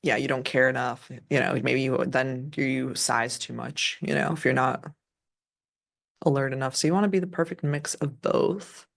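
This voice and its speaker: A woman's voice: a bass voice, steady tone, moderate pace, vocal fry. A young woman casually chatting as a co-host of a live trading stream, rambling with lots of fillers and restarts. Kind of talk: casual livestream chat.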